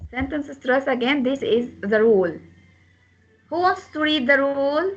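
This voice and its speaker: A woman's voice: sits high, animated, measured pace, highs cut off. A woman teaching an English class on word and sentence stress, repeating words and breaking them into syllables, with small grammar slips. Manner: non-native grammar slips.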